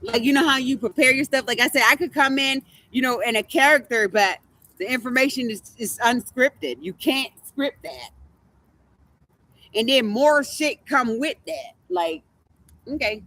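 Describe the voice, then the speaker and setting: Brash, bright-voiced woman reading tarot. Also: high-pitched, measured pace. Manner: brash, profane, boastful, repeats herself. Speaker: tarot reader and streamer. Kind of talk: casual livestream tarot commentary.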